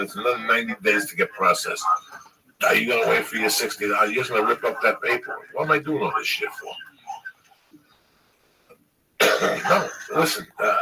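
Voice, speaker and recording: A man's voice: mid-range voice, bright, forceful tone. A man telling a rambling, profane story in casual chat and acting out the dialogue. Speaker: podcast host telling a story. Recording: distant mic with clear background noise.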